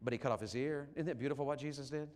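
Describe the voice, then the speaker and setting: A man preaching a revival sermon as an evangelist, swinging from shouts to hushed tones. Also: mid-range voice, very fast. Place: large church sanctuary. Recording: long hall reverb in a church.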